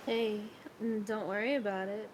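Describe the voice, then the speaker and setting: Man doing a ghostly spirit woman, high and hushed, gloomy, fatalistic. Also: fairly even intonation, moderate pace, noisy background, natural voice. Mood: detached.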